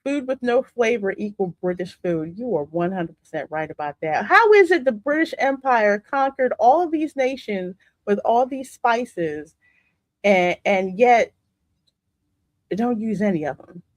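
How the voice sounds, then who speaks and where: Southern woman host, sassy reaction chatter, close dry recording, mid-pitched voice. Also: a little slow, dry recording. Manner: sassy, animated, laughing often. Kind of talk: casual reaction commentary.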